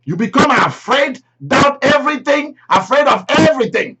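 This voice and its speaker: A man preaching a sermon, emphatic and repeating key phrases, swinging between loud and soft. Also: very high voice, lively intonation, normal speed, slightly rough. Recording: dull lo-fi recording.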